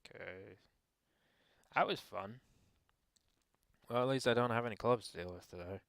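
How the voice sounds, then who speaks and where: A man's voice: lowish voice, moderate pace, gravelly, a bit bright. A man giving casual gameplay commentary, reading out a dating game with dry, wry asides.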